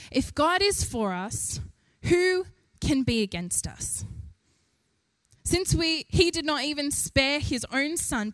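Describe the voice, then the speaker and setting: High-voiced woman preaching a sermon. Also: no room sound. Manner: animated, rising with emphasis, laughs between points.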